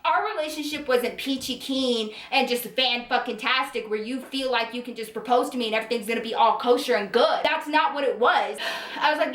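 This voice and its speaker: A young woman vlogger telling a personal story in a lively, profane way, acting out what people said. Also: on the high side, fairly quick, distant mic. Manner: animated, profane storytelling with acted-out quotes. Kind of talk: storytime vlog. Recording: echoey room, voice a bit off-mic.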